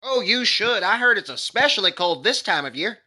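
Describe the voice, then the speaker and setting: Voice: medium pitch, normal speed, full character voice. A performer voicing a dry, sarcastic male clay-animation figure who reviews movies. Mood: calm. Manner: deadpan, sarcastic.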